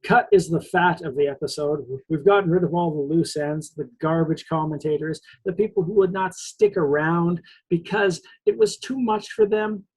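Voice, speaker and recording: A man's voice: a little high, normal speed, few pauses, darkish tone, breathy edge, poor audio. A man co-hosting a casual sports podcast, joking and rambling, laughing often. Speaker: podcast co-host.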